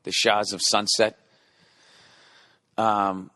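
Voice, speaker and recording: A man's voice: lowish voice, flat delivery, very slow, bright, forceful tone, no room sound, clean studio sound. A middle-aged man hosting a solo podcast, rambling in a profane, sarcastic rant. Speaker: podcast host.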